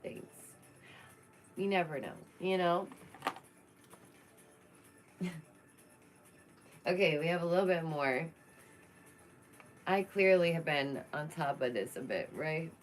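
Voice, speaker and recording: Young woman, casual commentary vlogger; outspoken, chatty, slightly low pitch. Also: takes it slowly, pauses often, faint music behind. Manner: chatty, outspoken, laughs often. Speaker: true crime commentary vlogger.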